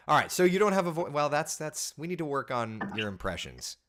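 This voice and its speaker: A man's voice: fairly high pitch, moderate pace. A man hosting a casual live morning weather chat, joking and telling stories. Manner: chatty, jokey, lively storytelling. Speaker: TV meteorologist host.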